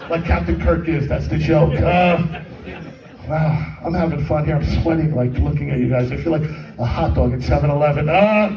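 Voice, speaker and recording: A man's voice: sits high, normal speed. A middle-aged man doing a stand-up comedy set, with crude, rambling, self-mocking crowd work. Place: comedy fundraiser hall with live audience. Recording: echoey hall with audience, mic at a distance.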